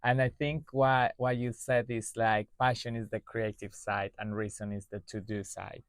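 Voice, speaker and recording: A man's voice: fairly low pitch, little pitch movement, normal speed, smooth, no echo. A man hosting a podcast, welcoming and upbeat, with loose phrasing. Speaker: podcast host. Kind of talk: casual interview hosting.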